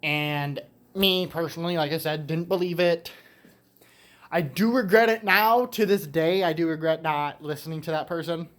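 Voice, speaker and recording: A man's voice: on the high side, steady tone, moderate pace, a bit bright. A young man in his late teens tells a story in a casual monologue from a garage on a cold day. He rambles with restarts and casual swearing, and sounds slightly winded. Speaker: vlogger telling a story.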